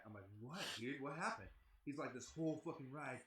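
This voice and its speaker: A band member tells a rambling, profane tour story in casual chat, swearing heavily and saying "like" a lot. His mid-range voice is fairly bright and a little fast, and the room is echoey.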